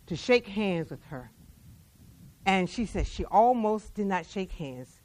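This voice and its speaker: Woman preacher, sermon storytelling, drops to a hush then rises for emphasis, middle-pitched voice. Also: lively intonation, slow. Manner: dramatic swings from soft hush to raised emphasis; repeats words while telling stories.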